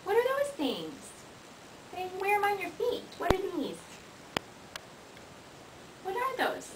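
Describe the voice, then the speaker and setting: A woman coaching a small child to say words, in a sing-song, encouraging way, slow and clear. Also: very high voice, huge pitch swings, recorded from a distance. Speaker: speech therapist. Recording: echoey room, mic from afar, noisy home video.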